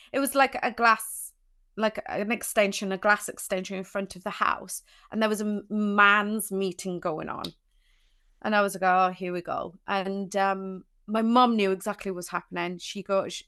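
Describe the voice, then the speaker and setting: A woman's voice: medium pitch, fairly bright tone, clean tone. A young adult woman, a podcast guest, tells a personal story in an emotional way, teary at times, with many restarts and fillers.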